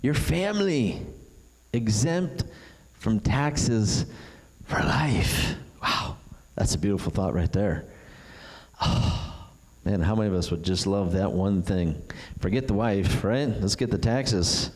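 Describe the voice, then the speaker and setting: Man, preacher, sermon, animated storytelling, character voices, long echo of a hall. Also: low-pitched, a little slow.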